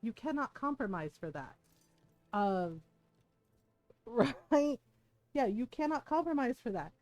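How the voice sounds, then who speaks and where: Woman streamer, fairly high voice, dry close sound, animated and profane storyteller. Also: slow, dry recording. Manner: animated storytelling, swears freely, laughs often. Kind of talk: casual chat while streaming a game.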